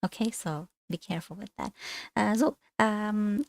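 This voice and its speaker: Woman, language teacher, chatty, rambling asides, mid-pitched voice, dry close sound. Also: measured pace, gravelly, dry recording. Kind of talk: online lesson explaining on screen.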